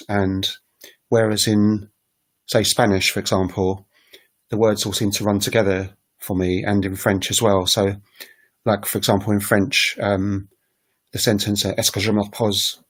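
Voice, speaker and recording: Casting: man, lowish voice, casual livestream host explaining languages, loose and halting, acts out example phrases. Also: a bit bright. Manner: rambling, full of ums and self-corrections; demonstrates phrases aloud. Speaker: language learning streamer.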